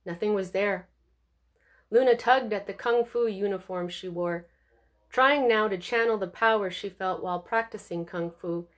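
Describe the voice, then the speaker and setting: A woman reading her own novel aloud, telling it expressively with suspense. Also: a little high. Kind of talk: audiobook reading.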